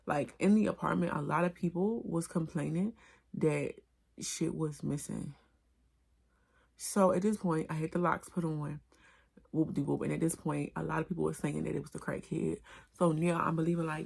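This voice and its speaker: A woman telling an animated, profane storytime in slangy casual speech. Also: sits low, moderate pace, vocal fry, slightly rough. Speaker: vlogger. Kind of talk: storytime vlog.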